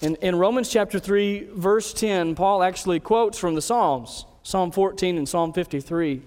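A man preaching a sermon as pastor, earnest, slowing down to read scripture aloud. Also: high-pitched, a little mellow, in a large hall.

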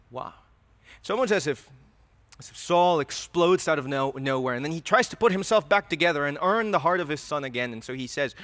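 A man's voice: a little high, expressive, a little fast, a bit bright, no echo. A man preaching a sermon who reads scripture aloud and then explains it with rising animation. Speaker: pastor.

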